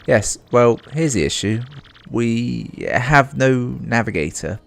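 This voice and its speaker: A man's voice: mid-range voice, animated, takes it slowly, creaky, fairly bright tone, pitched above the performer's own voice, heavily acted. A man voicing a pompous, vain, rich ship owner who talks in a grand, boastful, theatrical way. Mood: fussy.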